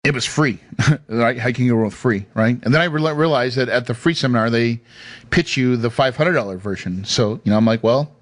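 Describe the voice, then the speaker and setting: A man's voice: mid-range voice, fairly quick, a bit bright, dry recording. A man hosting a podcast, telling a personal story in an emphatic, emotional way and laughing often into a studio microphone. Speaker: podcast host.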